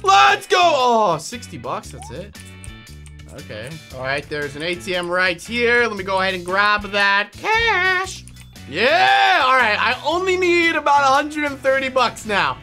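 A young man giving excited, jokey gameplay commentary as a YouTuber, often shouting when things go wrong. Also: sits high. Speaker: gaming YouTuber.

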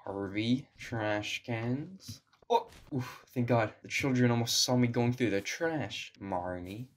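Young man, gameplay commentary, sarcastic, profane, strained voice, mid pitch. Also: slow pace. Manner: sarcastic, profane, talks to himself. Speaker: gaming video creator.

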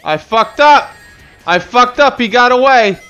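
A man's voice: extremely high pitch, animated, measured pace, sharp tone, clear, resonant tone, soft background music. A young man giving loose, profane, slangy commentary as the host of a gaming channel. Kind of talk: casual gameplay commentary.

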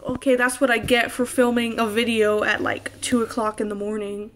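A woman's voice: on the high side, fairly even intonation, moderate pace, few pauses, a little hiss or hum. A young woman filming a crafting vlog, flustered and laughing at her own slip-ups. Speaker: crafting vlogger. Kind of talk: casual blooper vlog.

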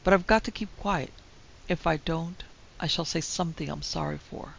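Woman playing a weary husband, quiet and steady, gravelly voice, lo-fi hiss. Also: deep voice, normal speed. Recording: dull lo-fi recording with faint hiss.

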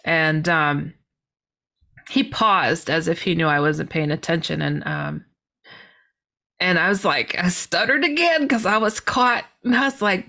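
A middle-aged woman, a podcast guest, telling a personal story with animated delivery, acting out her own past lines with big pitch jumps and laughter. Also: unhurried.

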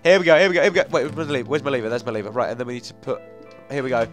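Stuffy-nosed young male gamer, rambling, excitable let's-play host over faint game music. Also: medium pitch, racing. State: blocked nose. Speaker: gaming video host.

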